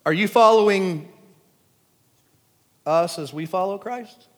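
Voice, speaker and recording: A man preaching a sermon at a church service, talking in casual slang and swinging between shouting and quiet asides. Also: sits high, slow, long pauses. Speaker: pastor. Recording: long church hall reverb.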